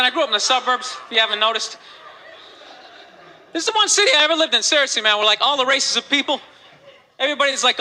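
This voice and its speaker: A man's voice: extremely high pitch, pushed and bright, poor audio. A man doing a rambling stand-up routine, full of "you know"s, in a live recording with a crowd. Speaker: stand-up comedian.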